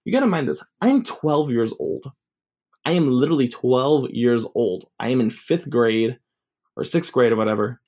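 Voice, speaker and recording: Young male vlogger, casual storyteller, fills every pause with "like", mid pitch. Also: expressive, a little mellow. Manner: rambling, full of "like" fillers.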